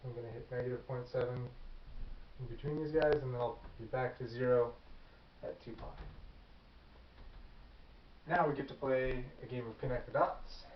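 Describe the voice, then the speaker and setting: A man teaching a math lesson in a relaxed, off-the-cuff way, thinking aloud and correcting himself as he goes. He sounds set back from the mic, and his voice carries an echo of the room around him. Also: medium pitch, moderate pace, pauses often, a little hiss or hum. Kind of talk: whiteboard lecture. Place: classroom. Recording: echoey classroom, far from the mic, dull.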